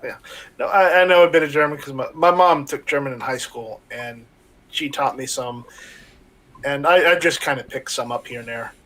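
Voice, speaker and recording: A man's voice: medium pitch, normal speed, bright, forceful tone. A man co-hosting a casual livestream with dry, teasing banter. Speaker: co-host.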